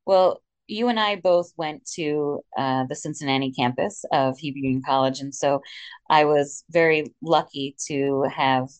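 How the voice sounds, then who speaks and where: A woman's voice: low voice, measured pace, smooth, no echo. A woman in her thirties from the Philadelphia suburbs, a rabbi chatting in an interview with frequent fillers. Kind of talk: conversational interview.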